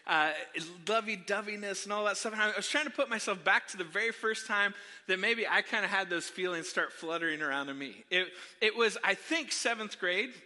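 Preaching fairly quickly, a middle-aged pastor weaves self-deprecating personal stories into his sermon and often addresses the crowd with animation. His bright, sharp voice sits high for a man and echoes with the long reverb of a big church hall.

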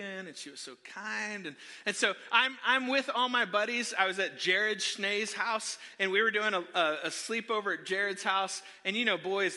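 A middle-aged pastor preaches with animated, self-deprecating storytelling, often turning to the crowd. His voice sits high for a man and sounds bright and sharp, with long reverb from a large church hall. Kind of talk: sermon with personal storytelling.

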